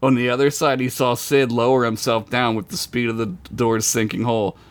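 A man narrating a tabletop game as game master, telling the story with animated delivery. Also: medium pitch, a little fast, dry recording.

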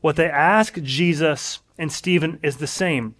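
A man's voice: on the high side, a little slow, a bit bright. A man preaching a sermon in an earnest, emphatic way, leaning on repeated phrases.

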